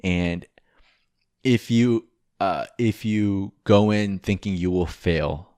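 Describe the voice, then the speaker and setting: A man's voice: deep voice, slow pace, darkish tone, no echo, clean studio sound. A man co-hosting a podcast, giving rambling, frank advice with casual swearing and jokes. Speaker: podcast co-host.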